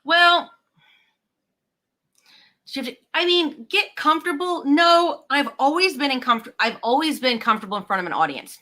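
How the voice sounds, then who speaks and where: A woman's voice: high-pitched, lively intonation, moderate pace, bright, forceful tone. A woman, hosting a casual chat in a bubbly, chatty way full of "like". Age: 40s. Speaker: host.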